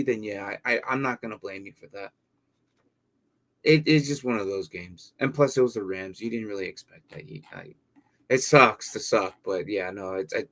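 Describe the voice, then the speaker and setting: Speaking in a bright, forceful, mid-range voice, a man runs a casual live stream fielding fantasy football questions. He reads viewer questions aloud and mulls them over, full of fillers and repeated words.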